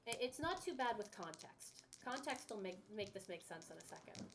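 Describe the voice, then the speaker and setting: A woman's voice: mid-range voice, big pitch swings, brisk, noisy background. A woman narrating as game master of a tabletop game, casual and profane, laughing often.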